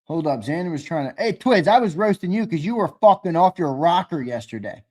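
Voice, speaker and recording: A man on a live sports talk stream with a somewhat high voice. He is brash and profane, mocking his co-hosts as he goes. He gets loud and animated in his rants. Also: a little fast. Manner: loud and animated when ranting. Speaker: sports talk show co-host.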